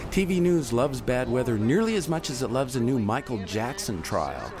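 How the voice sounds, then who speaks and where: A man's voice: mid-range voice, very animated, moderate pace, over music. A man reading his own radio commentary in a wry, storytelling way. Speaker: radio essayist.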